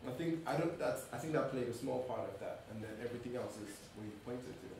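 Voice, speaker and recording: A man's voice: medium pitch, fast talker, gravelly, noisy background. A man from Nigeria who is a writer, speaking thoughtfully with many hesitations on a live panel. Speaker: writer and playwright. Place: museum event space. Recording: echoey room, far from the mic.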